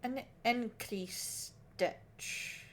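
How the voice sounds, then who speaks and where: A woman's voice: fairly high pitch, extremely slow, a little hiss or hum. A woman livestreaming her crochet work, chatting casually in a put-on Scottish accent and thinking aloud as she wonders if she is doing it right. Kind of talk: casual live-stream chat.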